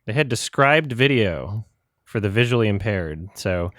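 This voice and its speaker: A man's voice: fairly low pitch, lively intonation, a little slow, fairly bright tone, no room sound, clean studio sound. A man co-hosting a podcast, telling a rambling story in casual chat, laughing often and restarting sentences. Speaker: podcast co-host.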